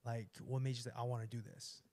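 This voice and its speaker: Mid-pitched man hosting, talks fast, chatty interviewer. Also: level tone, darkish tone, dry recording. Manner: quick, chatty questioning. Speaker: podcast host. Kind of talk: casual interview chat.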